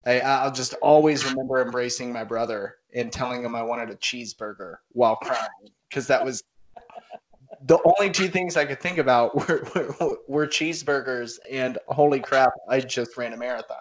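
A man's voice: mid-range voice, moderate pace. Male podcast host, mid-range voice, casual and friendly. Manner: friendly, encouraging questions. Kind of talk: casual interview chat.

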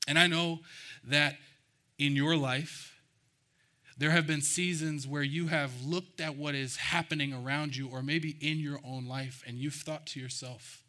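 A man preaching a sermon, reading scripture slowly and speaking earnestly with deliberate pauses. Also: fairly high pitch, fairly even intonation, pushed and bright. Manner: earnest, pauses to let lines land, reads scripture slowly. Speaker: pastor.

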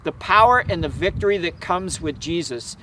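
A man with a slightly higher voice delivers a sermon. His preaching is emphatic yet conversational, with casual asides and fillers. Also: expressive, moderate pace, bright, forceful tone, a little hiss or hum. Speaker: pastor.

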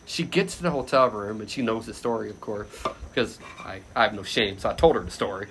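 A man telling a funny personal story as a podcast guest, loose and animated, often laughing and shouting out the lines he quotes. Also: on the low side, brisk, noisy background. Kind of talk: casual anecdote storytelling.

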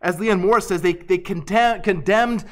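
A man's voice: high voice, moderate pace. A man preaching an expository sermon, earnest and emphatic, often restarting and repeating words.

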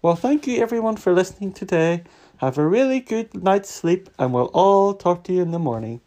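A man hosting a bedtime-story podcast, reading aloud to his child in a gentle, expressive way. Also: sits high. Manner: gentle, expressive storytelling with slow drawn-out phrases.

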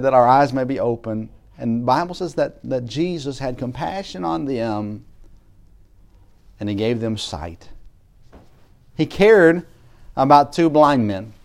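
Man preaching a sermon, reading scripture. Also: medium pitch. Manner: reads scripture aloud in King James wording; builds from quiet reflection to louder, raised emphasis.

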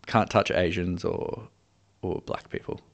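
Low, gravelly podcast co-host. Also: male voice, lively intonation, a little slow. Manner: laid-back, thoughtful, trailing off. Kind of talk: casual podcast chat.

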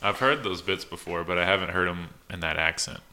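A man's voice: low voice, a little fast, sharp tone. A man co-hosting a casual podcast, chatting eagerly about comedians he loves. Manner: enthusiastic, fan-like comedy talk. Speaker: podcast co-host. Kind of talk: casual chat.

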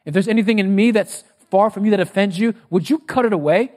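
High-voiced man preaching a sermon. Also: darkish tone. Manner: preaching with rhetorical fill-in questions to the congregation; emphatic, with sudden bursts of speed and drawn-out phrases. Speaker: pastor.

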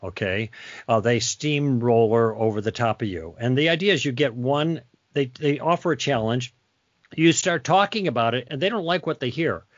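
A man's voice: mid-range voice, normal speed, no echo. Man, author guest, teacherly explainer who plays out sample dialogue; plain mid voice, dull dry lo-fi sound. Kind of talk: interview, explaining conversation tactics.

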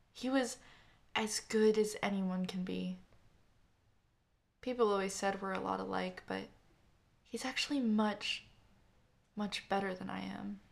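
A woman narrator voicing a grieving young woman who gives a halting, tearful eulogy for her brother. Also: medium pitch, vocal fry.

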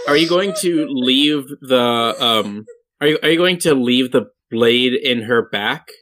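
A man running a tabletop game as game master, talking in a halting way full of ums. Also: mid-range voice, a bit bright.

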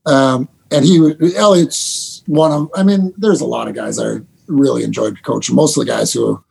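A middle-aged man, a basketball head coach, telling animated stories with laughter and quick restarts in a casual interview. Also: mid-range voice, gravelly, breathy edge. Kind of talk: storytelling guest in a casual interview.

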